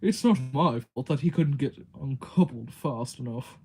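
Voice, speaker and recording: A man's voice: mid-range voice, moderate pace, dark tone, husky. A man on a livestream voicing a proud, bossy male express steam engine who scolds in a lordly way. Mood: scolding. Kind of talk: livestream voice impression.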